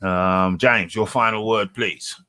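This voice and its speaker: A man with a British accent and a lowish voice hosts a casual live stream. He rambles, corrects himself and thinks aloud as he reads comments. The sound is dry and close. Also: fairly even intonation, takes it slowly, pushed and bright, smooth, no room sound. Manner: rambling, self-correcting, talks to himself while scrolling. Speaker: host of a live boxing talk show.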